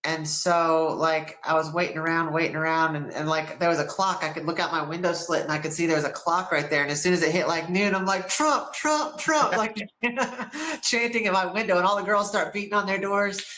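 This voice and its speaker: Bright-voiced American woman telling a story. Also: low voice, fast talker, few pauses, roomy sound, slight background noise, poor audio. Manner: animated, acts out quoted people in her story. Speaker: interview guest. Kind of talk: casual storytelling.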